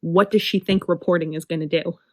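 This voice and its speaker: A woman book vlogger with a lowish voice talks in a casual review. Her delivery is passionate and emphatic, with plenty of fillers. The recording sounds dry and close. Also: fairly even intonation, fairly quick, dry recording.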